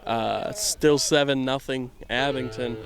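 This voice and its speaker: The voice is a young man's: medium pitch, steady, creaky, and unhurried. He gives rambling, easygoing baseball commentary outside, sounding tired and self-deprecating, and occasionally lets sentences trail away.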